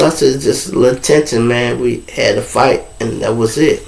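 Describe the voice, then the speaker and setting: Man, Chicago accent, storyteller, slangy street talk, animated, mid-pitched voice. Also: normal speed, gravelly, rough recording. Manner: animated, acts out other people's voices in dialogue. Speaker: show host telling a story. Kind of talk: casual storytelling to viewers.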